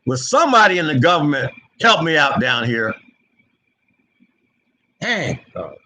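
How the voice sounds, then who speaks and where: A man giving an unscripted spiritual commentary, impassioned and repetitive, his pitch swinging between low and high. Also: very animated, measured pace, pushed and bright, poor audio. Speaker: online preacher.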